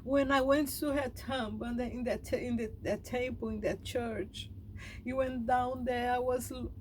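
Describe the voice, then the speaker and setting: Slow, high-voiced emotional woman speaker. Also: fairly even intonation, darkish tone, a little hiss or hum, rough recording. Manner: halting, heartfelt, emotional. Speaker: spiritual speaker. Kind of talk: meditative reflection.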